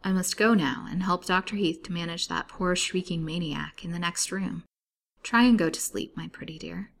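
A woman's voice: fairly low pitch, moderate pace, creaky, a bit bright. A woman voicing a kindly female asylum nurse who talks in a placid, soothing way.

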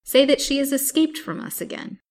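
A woman voicing a blustering, scornful old man who scolds loudly and is a coward at heart. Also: high voice, animated, brisk, pitched above the performer's own voice. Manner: loud, scolding, contemptuous.

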